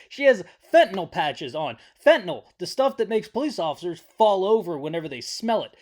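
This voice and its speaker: Host for a comedic movie recap, lively pitch, rambly, stumbles over words and jokes around. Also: fairly quick. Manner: rambling and joking, with self-corrections.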